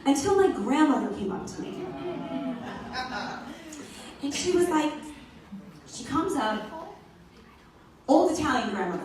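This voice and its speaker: At an event hall with strong echo, a young woman from New York gives a personal talk, sounding a little distant from the mic. Her high voice swings widely as she animatedly acts out quotes in different voices, and she laughs often.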